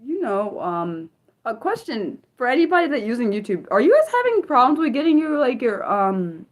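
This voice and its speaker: A woman's voice: a little high, very animated, moderate pace. A woman hosting an unscripted livestream, rambling casually with many fillers and restarts as she answers her chat. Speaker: livestream host.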